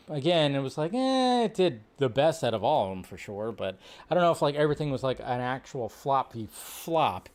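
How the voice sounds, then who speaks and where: A young adult man hosting a casual live stream, rambling and animated, with frequent restarts. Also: medium pitch. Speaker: host.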